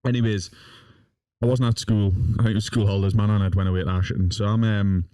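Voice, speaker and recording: A man's voice: fairly low pitch, level tone, fast talker, warm tone, clean tone, no room sound, studio quality. A young man, a podcast guest, telling a funny story in casual talk, swearing often and laughing as he goes. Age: young adult.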